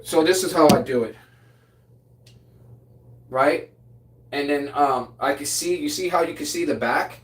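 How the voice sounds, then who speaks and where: A man on a casual livestream who reads viewer comments aloud and chats in an excitable, slangy way full of restarts. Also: fairly high pitch, a little slow, pauses often, a little hiss or hum. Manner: drawling slang with frequent restarts.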